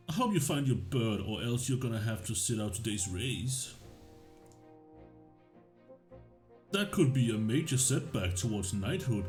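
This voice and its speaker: A man's voice: mid-range voice, a little mellow, close to an everyday voice. A man reading as a cocky young bully. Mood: mocking. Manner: taunting, swaggering.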